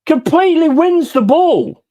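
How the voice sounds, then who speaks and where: A man's voice: extremely high pitch, expressive, a little slow, mellow, soft background music. A man hosting a football watch-along, ranting furiously with heavy swearing about refereeing decisions. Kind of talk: live football reaction commentary.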